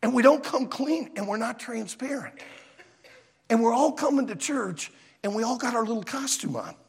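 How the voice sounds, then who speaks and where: A man preaching a sermon in a church auditorium, an animated, emphatic storyteller, with long hall reverb. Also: very high-pitched, moderate pace, gravelly, slightly rough. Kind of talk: sermon with a told joke.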